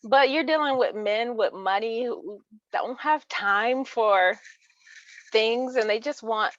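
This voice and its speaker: A woman's voice: fairly high pitch, a little slow, a bit bright, no room sound. A chatty woman author talks through her reading picks, laughing often and circling back on her words. Her voice is dull and lo-fi, with a dry, close sound. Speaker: author and interview guest. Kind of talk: casual chat about books.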